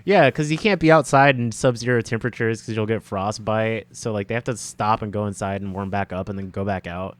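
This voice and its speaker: A man's voice: on the low side, a little fast, few pauses. A young man telling a long story on a casual podcast, laughing often and acting out what people said. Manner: rambling, laughs often, acts out quotes. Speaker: podcast co-host.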